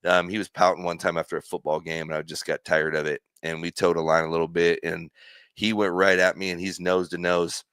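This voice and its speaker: A middle-aged man, a sports show guest, telling animated, jokey, self-deprecating stories in casual chat. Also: deep voice, a little fast, clear, resonant tone, no room sound. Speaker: guest, former pitcher.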